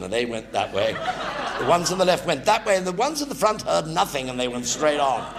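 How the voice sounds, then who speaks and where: A man's voice: on the high side, very animated, a little fast, crowd noise. An English man in his seventies telling war stories to a theatre audience, acting out every voice in his one-man stage show. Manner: vivid raconteur, acting out every voice.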